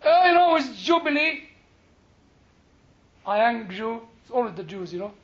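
A man's voice: extremely high pitch, very animated, moderate pace, roomy sound, muffled recording. A man lecturing a class on the Bible, chatty and digressive, full of "you know" and little chuckles, asking his listeners questions. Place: lecture room with a live audience.

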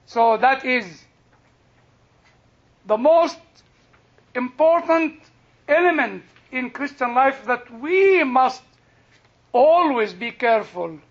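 An older man with a husky yet strikingly high voice gives a slow, unhurried church lesson to a class, leaning on each phrase for emphasis. The recording sounds dull and lo-fi. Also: fairly bright tone. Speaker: Christian teacher. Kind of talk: lecture to a class.

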